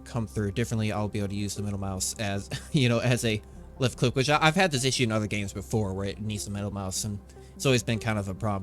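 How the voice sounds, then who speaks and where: A man hosting his gaming channel, talking through a space game in a chatty, rambling way at his desktop microphone. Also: on the low side. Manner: chatty, rambling, self-correcting. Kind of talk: casual gameplay commentary.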